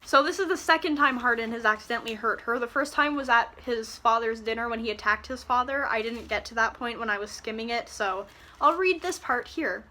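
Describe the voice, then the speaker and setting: A woman rants through a book review in a sarcastic, exasperated tone. Her voice is bright and sits fairly high. She swears casually and keeps up a fast, chatty flow.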